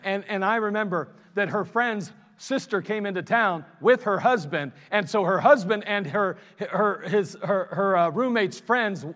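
A pastor with a high voice delivers an animated, conversational sermon, now and then tossing in self-mocking asides. A long hall reverb suggests it was recorded in a church sanctuary.

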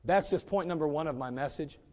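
A man preaching a sermon as pastor, emphatic and rising to loud peaks. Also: fairly high pitch, fairly quick.

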